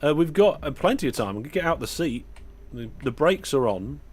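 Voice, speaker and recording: A man's voice: a little high, lively intonation, fairly quick, slightly rough. A young British man casually chatting to his viewers while driving in a train simulator game, with lots of fillers and restarts. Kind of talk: casual live-stream commentary.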